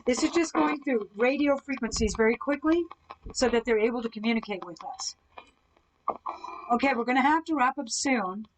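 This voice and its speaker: A woman with a somewhat high voice runs a live spirit box session from indoors at someone else's home. She talks calmly and patiently, asking the spirits questions one after another. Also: moderate pace, slight background noise, poor audio. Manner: calm, coaxing questions to spirits. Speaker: ghost hunter host.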